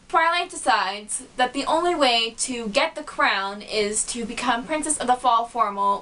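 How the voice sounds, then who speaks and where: Chatty girl doing a movie review vlog, says like a lot, slightly high voice. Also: a bit bright, poor audio. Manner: chatty, lots of "like", acts out the characters.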